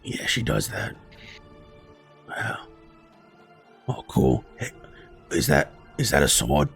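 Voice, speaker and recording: A man voicing a huge, simple-minded, gentle male giant who talks in halting, childlike broken speech. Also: fairly low pitch, wildly swooping pitch, creaky, soft background music, pitched below the performer's own voice, exaggerated voice.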